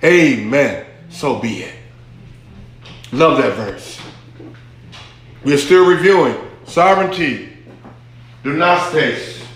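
A man's voice: mid-range voice, expressive, slow, pauses often. A man preaching a teaching sermon, repeating key phrases emphatically and drawing answers from the congregation. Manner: repetitive, emphatic teaching with call-and-response. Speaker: pastor. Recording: very echoey hall.

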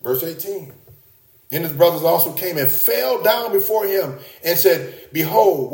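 A man preaching a sermon, his voice pitched a little high. He talks in an animated way, jumping up for emphasis and doubling back on his words. The room around him rings with echo. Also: measured pace.

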